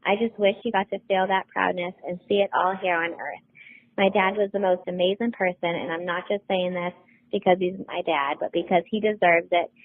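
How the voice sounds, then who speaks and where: Brief: woman with a lowish voice giving a sincere prepared tribute over a tinny line. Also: fairly even intonation, brisk. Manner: earnest, heartfelt. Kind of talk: read tribute speech. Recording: tinny phone-like sound.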